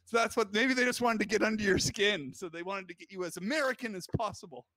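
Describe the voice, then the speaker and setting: A man's voice: high voice, quick pace, sharp tone, no echo. A man co-hosting a podcast, chatting in easygoing, joking banter. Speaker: podcast host. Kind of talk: casual podcast chat.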